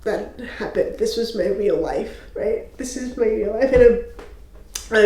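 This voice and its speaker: A young woman talks to camera in a personal faith testimony, emotional and halting, often pausing and restarting. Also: on the high side, dark tone. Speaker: faith video host. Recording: echoey room.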